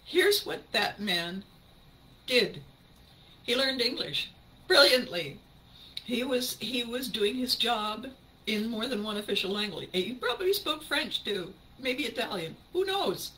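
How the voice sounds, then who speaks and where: A woman hosting a podcast, telling a personal story in an animated way and often laughing as she speaks. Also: fairly high pitch, a little slow, low-quality recording. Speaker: podcast host.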